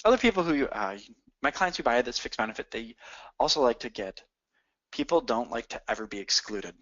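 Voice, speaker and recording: A man leads a sales training session and speaks straight to his listeners. He talks quickly with lots of punchy energy. The audio sounds dull and lo-fi. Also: medium pitch. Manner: energetic, coaching, addresses listeners directly.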